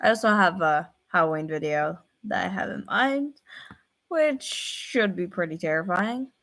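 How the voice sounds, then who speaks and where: A young woman in casual reaction commentary, excitable, thinking out loud with fillers and repeated phrases. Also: lowish voice, measured pace. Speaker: reaction video host.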